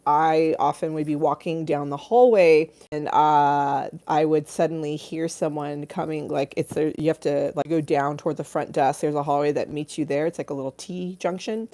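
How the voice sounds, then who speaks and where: A woman's voice: deep voice, a little mellow. A middle-aged woman hosting a livestream, telling stories in a casual, chatty way, often laughing and acting out the voices in them. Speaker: livestream host.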